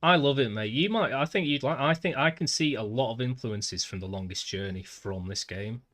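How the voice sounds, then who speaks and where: A man's voice: medium pitch, moderate pace, a bit bright. Mancunian man chatting on a game stream. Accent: Northern English, Manchester. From Manchester, England. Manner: chatty, talks to chat, says "mate" often. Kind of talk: casual gameplay livestream chat.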